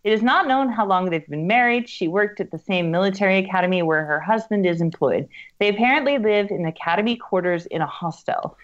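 A woman's voice: mid-range voice, expressive, a little fast, highs cut off. A woman co-hosting a casual podcast, reading a news article aloud, stumbling over foreign names and adding dry sarcastic asides.

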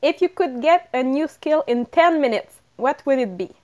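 A woman's voice: sits high, animated, normal speed, a little mellow, dull audio. A woman co-hosting a podcast, reading numbered questions and laughing often. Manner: giggly, reads questions from a list. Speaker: podcast co-host asking questions. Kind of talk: casual podcast Q&A.

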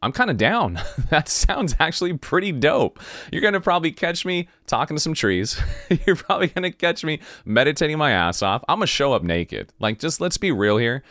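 Speaking at a normal speed in a fairly high-pitched voice, this male podcast host is recorded dry. He works through a reflective late-night monologue as an animated storyteller, performing the dialogue he describes.

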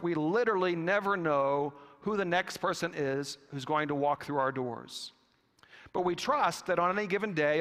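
Guy preaching real slow and careful, kinda high voice, big echoey church. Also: fairly bright tone. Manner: slow, deliberate delivery with long pauses. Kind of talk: sermon. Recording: long reverb of a church hall.

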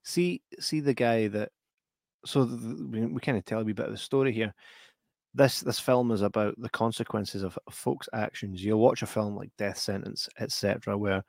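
A man's voice: on the low side, steady tone, normal speed, creaky, darkish tone, dry recording, clean studio sound. A man with a Scottish accent co-hosting a casual film review podcast, telling the story in a rambling way, often restarting his sentences. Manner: rambling, self-interrupting storyteller. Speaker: podcast co-host.

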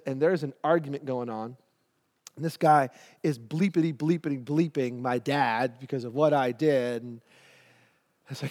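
Middle-aged male pastor, storytelling sermon, higher voice, long reverb of a big room. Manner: animated, acts out voices in his story.

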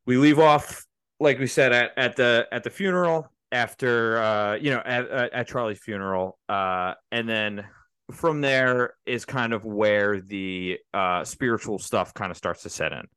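A man's voice: medium pitch, measured pace, fairly bright tone, smooth, no echo. A man co-hosting a casual movie podcast, rambling through the plot with many restarts and fillers. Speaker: podcast co-host.

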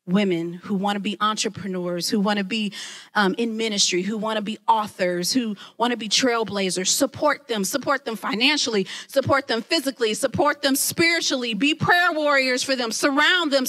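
A woman who leads a ministry, preaching a lively sermon and talking straight to her listeners. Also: a little high, normal speed. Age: adult, mother of children. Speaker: women's ministry leader.

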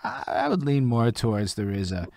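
A man's voice: mid-range voice, wildly swooping pitch, a little fast, vocal fry, darkish tone, no room sound. Young male podcast host, dry close sound, slangy and profane. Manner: loose, swearing, jokey slang. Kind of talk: casual podcast chat.

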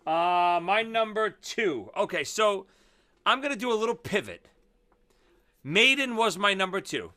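Blunt, animated man in casual chat. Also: high voice, a little slow. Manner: blunt, opinionated, stumbling restarts. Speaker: podcast co-host.

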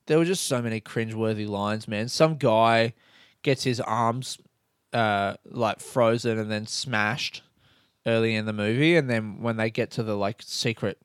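A man's voice: fairly low pitch, clean tone, dry recording, studio quality. A man ranting about a movie on a podcast, swearing and mocking it between bursts of laughter. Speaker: podcast host. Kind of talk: casual podcast movie rant.

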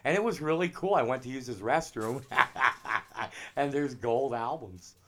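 A middle-aged man, a drummer, telling animated anecdotes in a casual interview. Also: medium pitch, a little slow. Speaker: drummer guest.

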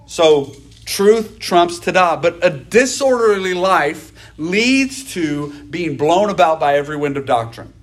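A man preaching a sermon, who talks in an animated way and acts out gossiping voices. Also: fairly high pitch, measured pace, hardly any pauses. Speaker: pastor.

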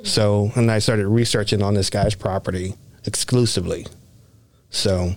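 Man, rambling storyteller, lowish voice, dry close recording. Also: steady tone, moderate pace, no echo. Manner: rambling, many restarts and fillers. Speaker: Bigfoot researcher guest. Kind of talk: casual storytelling interview.

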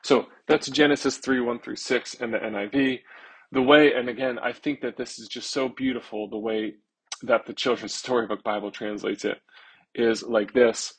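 A man preaching a sermon in an earnest way, stretching key words out slowly for emphasis. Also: mid-range voice, steady tone, a bit bright, breathy edge, poor audio. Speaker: pastor.

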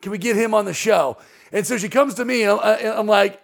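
A man who works as a stand-up comedian, telling stories in casual podcast talk with quick asides and swearing. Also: high-pitched, vocal fry. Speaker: comedian guest.

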